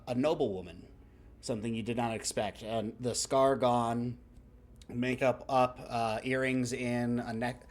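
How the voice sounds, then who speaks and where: A man narrating a tabletop game as game master, rambling through fillers and frequent laughter. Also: mid-range voice.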